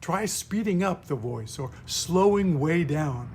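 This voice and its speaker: A man, a pastor, teaching puppet voices in a gentle, patient, step-by-step lesson. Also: fairly high pitch, animated, slow, a little hiss or hum. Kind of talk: instructional video lesson.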